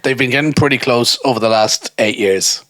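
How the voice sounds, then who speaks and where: A man's voice: mid-range voice, brisk, a bit bright, no echo. A young man co-hosting a podcast, chatting casually and joking, swearing freely and acting out the people he talks about. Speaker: podcast co-host. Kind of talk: casual chat. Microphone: close studio mic.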